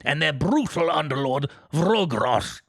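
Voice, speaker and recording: A man putting on an old man's voice to read dark fantasy lore slowly and theatrically, straining his voice. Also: a little high, lively intonation, dry recording, heavily acted. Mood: solemn. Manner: strained, slow, theatrical delivery. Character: ancient rambling old man reading demon lore.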